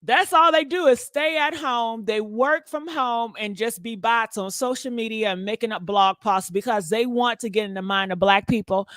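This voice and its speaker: A woman's voice: mid-range voice, fairly bright tone, no echo, studio quality. A woman hosting a casual livestream, sassy and profane, talking straight to her chat and laughing often. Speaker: livestream commentary host.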